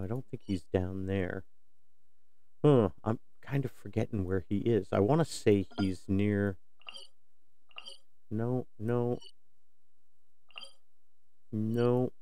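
A man's voice: lowish voice, creaky, darkish tone, a little hiss or hum. A man giving rambling, self-correcting commentary over a game, often losing track of where things are. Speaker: game video host. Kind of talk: gameplay commentary.

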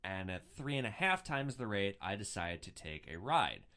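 Animated, bright-voiced male storyteller. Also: fairly low pitch, moderate pace. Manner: animated, profane, wry. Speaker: podcast host. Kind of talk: casual storytelling.

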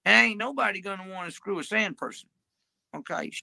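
A woman's voice: mid-range voice, fairly quick, vocal fry, bright, forceful tone, husky, dry recording. A woman livestreaming, talking in a crude, profane, drawling ramble.

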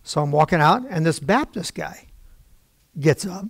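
A man's voice: fairly high pitch, lively intonation, measured pace, creaky, no room sound. A male pastor preaching from the pulpit, telling a story in a conversational way and acting out the dialogue. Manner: conversational, acts out quoted dialogue. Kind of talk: storytelling sermon. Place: church pulpit.

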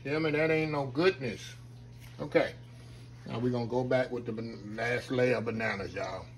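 A man's voice: medium pitch, fairly even intonation, moderate pace, a little hiss or hum, poor audio. A man hosting a casual home cooking vlog, folksy and chatty, often calling out to viewers as y'all. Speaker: home cooking channel host.

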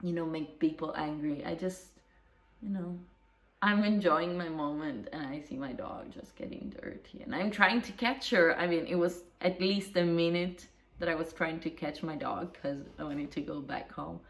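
A woman's voice: deep voice, normal speed. A woman vlogger chatting casually and rambling, swearing now and then. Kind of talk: casual vlog chat. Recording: roomy echo.

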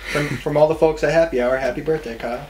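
A young man hosting a casual podcast chat, tossing in quick jokes. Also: on the high side, fairly even intonation, a little mellow, a little hiss or hum. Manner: quick joking interjections. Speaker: host.

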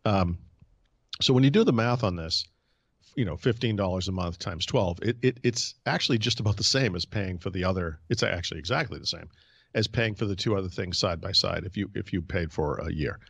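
A man's voice: low voice, a little fast, creaky, husky, no echo. A man hosting a casual tech podcast, thinking aloud in a chatty way. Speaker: podcast host.

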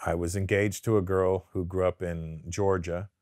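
A Canadian comedian, appearing as a guest, tells stories in a casual sit-down interview, swearing freely and acting out the people he quotes. His low voice moves at a normal speed, captured in studio quality with no room sound.

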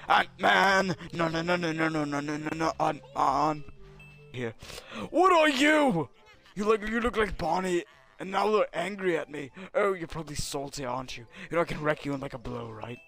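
Man doing a proud alien warrior prince, gravelly, raised voice, brash and insulting, yelping in panic, game playthrough parody. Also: a little high, lively intonation, moderate pace, sharp tone, soft background music, full character voice. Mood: brash, panicky. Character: arrogant proud alien prince warrior, adult male, hot-tempered. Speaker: game player. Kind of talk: comedic let's-play voice parody.

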